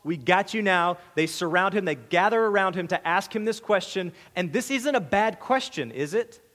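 Man, high voice, conversational sermon, repeats himself, long reverb. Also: animated, moderate pace. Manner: conversational, asks rhetorical questions, repeats and restarts words; voices the crowd's demand in a higher, louder tone. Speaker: preacher. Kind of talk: expository sermon.

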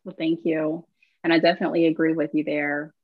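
A woman from Michigan with a Michigan accent, hosting a podcast and telling stories in an animated, laughing way. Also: sits low, no echo, narrow, tinny audio. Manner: animated, quick storytelling with laughs. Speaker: podcast host. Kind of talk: casual interview chat.

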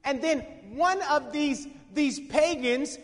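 A man preaching a sermon with dynamic swings from hushed to shouting, asking the congregation questions. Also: very high voice, takes it slowly. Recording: long reverb of a hall.

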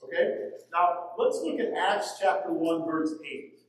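A man with a fairly high voice leads an adult Sunday school class, chatting through scripture and throwing questions to the group. He sounds set back from the mic, and the room rings with heavy echo. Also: lively intonation, a little slow, slight background noise. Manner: conversational, asks the class questions. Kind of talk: classroom Bible lesson. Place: church classroom. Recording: very echoey room, mic far off.

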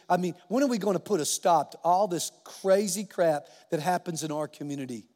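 A male pastor with a high-pitched voice delivers a passionate, conversational sermon. He breaks into acted asides and restarts his phrases as he goes. The sound carries the long reverb of a large church hall. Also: animated, a little fast, dark tone. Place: church sanctuary.

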